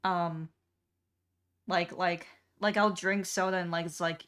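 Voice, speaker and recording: A woman's voice: lowish voice, normal speed, a bit bright. A young woman streamer chatting casually while she draws, rambling with lots of fillers and restarts. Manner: rambling, many fillers and restarts, laughs often.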